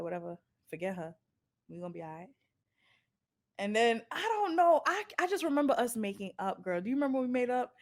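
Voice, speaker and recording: Animated woman telling stories on a podcast. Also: on the high side. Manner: animated storytelling, laughs a lot, blunt and profane. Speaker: podcast co-host. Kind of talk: casual chat.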